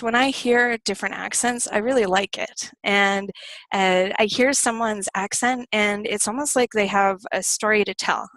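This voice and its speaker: A young American woman runs a live online English class through her computer mic. She talks in an easygoing, chatty way. The sound is dry and close, with no room echo. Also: medium pitch. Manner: relaxed, conversational and personal. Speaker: English teacher.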